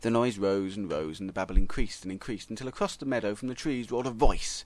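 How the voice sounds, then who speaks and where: A man narrating a comic story with wry, deadpan asides. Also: lowish voice, fast talker, few pauses, no room sound, poor audio.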